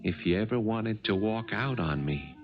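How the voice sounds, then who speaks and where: A man's voice: on the low side, animated, moderate pace, lightly acted. An actor playing a troubled husband who narrates his own story with brooding intensity in a 1970s radio drama. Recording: dull 1970s radio broadcast with music.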